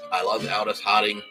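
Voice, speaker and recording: A man's voice: on the low side, low-quality recording. A man hosting a comedy podcast, rambling through jokes, swearing and laughing at his own lines. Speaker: podcast host.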